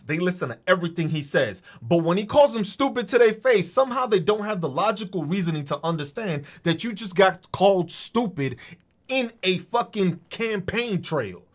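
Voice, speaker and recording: A man's voice: high-pitched, animated, moderate pace, fairly bright tone. A man hosting a podcast, delivering a profane, mocking political rant. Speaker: podcast host. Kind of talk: ranting political monologue.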